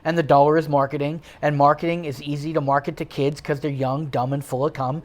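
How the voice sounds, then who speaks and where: A man's voice: fairly high pitch, flat delivery, fairly quick. A man who works as a stand-up comedian, ranting bluntly and swearing freely as the guest in a casual chat.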